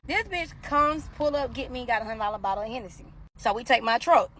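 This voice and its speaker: A woman telling a long personal story in a casual, profane storytime vlog, swinging between low mumbles and loud outbursts. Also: quick pace, hardly any pauses, slight background noise.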